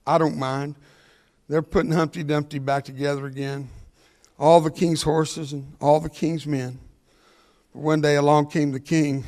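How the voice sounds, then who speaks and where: An older man, giving a motivational speech that mixes jokes with storytelling and talks fast. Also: on the high side, long reverb tail. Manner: energetic, joking, fast-talking. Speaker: motivational speaker. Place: large hall before an audience.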